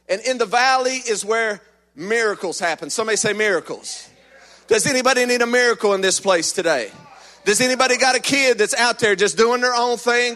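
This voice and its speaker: A man preaching an energetic sermon, calling out to the congregation for amens, joking and shouting. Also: sits high. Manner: call-and-response, shouting and joking. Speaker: lay preacher.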